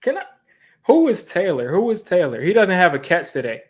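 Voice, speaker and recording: Young guy venting on his football reaction vlog, kinda high voice, repeats himself a lot. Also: big pitch swings, a little fast, darkish tone. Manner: exasperated, repetitive ranting. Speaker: fan channel host.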